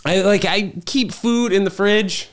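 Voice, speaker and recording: A man's voice: high-pitched, unhurried. A young man, chatting solo in a loose, rambling way to a camera set on his fridge at home. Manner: rambling, filler-heavy storytelling. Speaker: podcast host. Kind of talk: casual solo vlog chat. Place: apartment kitchen. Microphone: camera on a refrigerator.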